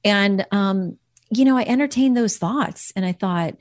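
A woman's voice: mid-range voice, a little slow, no echo, clean studio sound. A woman earnestly telling a personal faith story as a podcast guest, quoting her own prayers.

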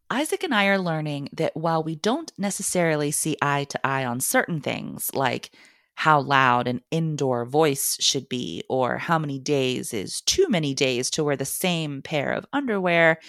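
A woman's voice: deep voice, a bit bright, dry recording, studio quality. A woman hosting a podcast, reading her personal essay aloud with wry humour. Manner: wry, humorous storytelling. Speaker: podcast host and mother.

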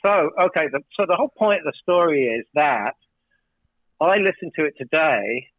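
A man's voice: a little high, expressive, normal speed, no echo, muffled recording. A man working as a record producer, telling studio stories in a rambling, casual way and often restarting his sentences. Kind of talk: casual storytelling interview.

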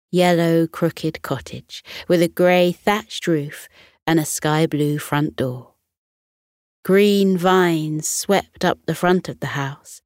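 A British woman narrating a children's bedtime story in a soft, soothing manner. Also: lowish voice, no echo, studio quality.

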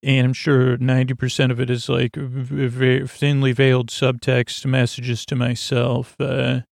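Flat, gravelly-voiced rambling male podcast host. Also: unhurried, dry recording, clean studio sound. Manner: rambling, full of fillers and self-corrections; low-key, drifting and digressive. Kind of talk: meandering sleep podcast episode recap.

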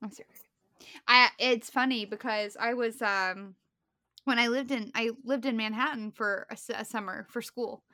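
Bright-voiced chatty woman with a Midwestern accent. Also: a little high, moderate pace. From West Virginia. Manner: chatty, animated storyteller. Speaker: Bible study podcast co-host. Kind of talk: casual chat.

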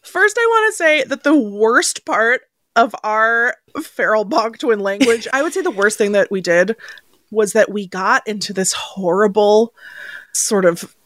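A woman's voice: medium pitch, expressive, unhurried, fairly bright tone, dry recording, clean studio sound. A woman co-hosting a podcast in casual, playful chat, laughing often. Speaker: podcast co-host.

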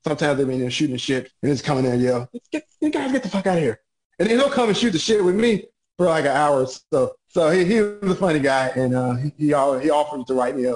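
A man's voice: medium pitch, quick pace. A man telling stories from his Navy service as a podcast guest, laughing often and briefly mimicking shipmates. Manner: laughing, animated impressions of shipmates. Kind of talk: casual storytelling.

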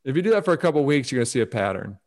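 Animated man giving advice. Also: medium pitch, rapid-fire. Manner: animated, acts out quoted voices. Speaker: guest speaker on focus and success. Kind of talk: conversational advice talk.

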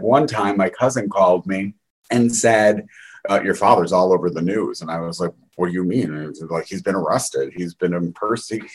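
A man's voice: fairly low pitch, slightly rough, poor audio. A middle-aged man telling candid stories in a rambling way, with wry laughs. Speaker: guest. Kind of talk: candid conversational storytelling.

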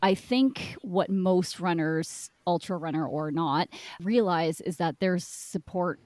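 A woman co-host reflects thoughtfully on her guest's story in a casual interview. Her voice is on the low side. She is recorded close and dry. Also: slow, darkish tone, no room sound. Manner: reflective, thinks aloud with restarts. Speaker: podcast co-host.

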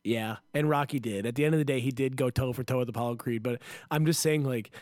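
Young guy hosting a podcast, loud and rambly, lots of laughing, dry mic. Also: mid-range voice, fast, no room sound. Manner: loud, animated, laughing ranter. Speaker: podcast host. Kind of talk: casual podcast banter.

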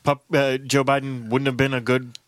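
A man's voice: medium pitch, flat delivery, moderate pace, fairly bright tone, no room sound, soft background music. A man co-hosting a casual political chat, hesitant and restarting often, then arguing his point. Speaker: co-host.

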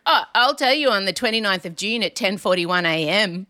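A woman hosting a podcast, chatting casually about celebrity gossip, animated and quick to laugh. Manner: animated, laughing, jumps high in pitch when excited. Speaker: podcast host.

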